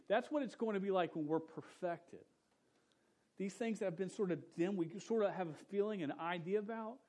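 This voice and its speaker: A young adult man giving a casual sermon as a pastor, talking loosely with lots of "dude" and "man," and trailing off quietly at the ends of his points. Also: high voice.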